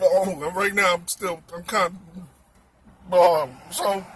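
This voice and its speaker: A man telling a comic story in an animated, exclaiming way, repeating his words. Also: very high voice, takes it slowly, long pauses, slight background noise.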